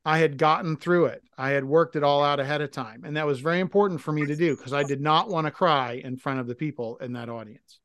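A man co-hosting a casual podcast, talking candidly and thinking aloud. His voice sits a little high for a man. It is recorded close and dry, with no room sound. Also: fast talker, few pauses, fairly bright tone, dry recording. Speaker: podcast co-host.

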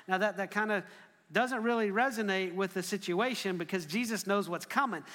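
A man preaching a sermon, telling the story in an animated way and often restarting his phrases. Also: high-pitched, normal speed. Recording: echoey hall.

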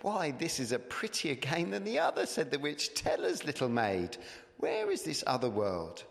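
A man reading aloud and voicing a scheming enchantress queen in a sweet, quiet, half-mocking tone, in a reverberant hall. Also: fairly high pitch, huge pitch swings, moderate pace, gravelly, exaggerated voice. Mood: coaxing. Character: soft-spoken scheming enchantress queen, female, coaxing.

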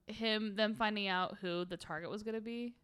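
A woman's voice: mid-range voice, fairly even intonation, normal speed, fairly bright tone, smooth, no room sound. A woman co-hosting a podcast who chats casually, chiming in with short agreements and questions. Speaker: podcast co-host. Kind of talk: casual chat.

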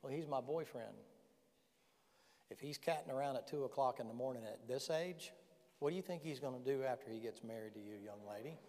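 A man's voice: medium pitch, fast. Folksy preacher man in a big reverberant hall. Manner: folksy, animated preaching with rhetorical questions. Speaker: pastor. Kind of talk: sermon. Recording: long reverb in a large hall.

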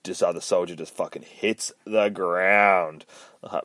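A man hosting a podcast from inside his van, recapping a comic book in a profane, excitable way full of sound effects. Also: deep voice, unhurried, no echo. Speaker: podcast host.

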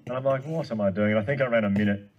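A man in his thirties, a guest speaker telling a long story in casual chat, excitable and quick. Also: lowish voice, lo-fi sound.

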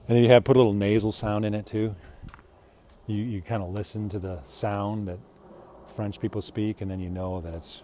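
A man's voice: lowish voice, steady tone, normal speed, mellow, slight background noise. A middle-aged man casually telling a rambling, self-deprecating personal anecdote, chuckling between lines. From United States. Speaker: storyteller.

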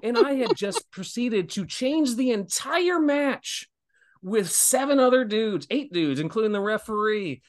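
Laughing, animated man telling stories. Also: sits high, unhurried. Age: 30s. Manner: animated storyteller, laughs often and swears freely. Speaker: guest pro wrestler. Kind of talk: casual podcast interview.

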